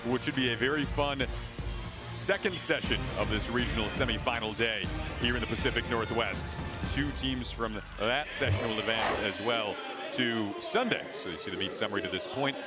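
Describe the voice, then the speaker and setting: Male sports commentator over music. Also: mid-range voice. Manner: brisk, informative. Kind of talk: broadcast commentary.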